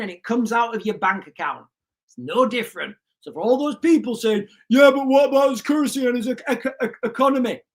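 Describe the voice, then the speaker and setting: A man's voice: very high voice, pushed and bright. A man hosting a livestream, ranting emphatically, repeating himself and putting questions to his viewers. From United Kingdom. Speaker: livestream host.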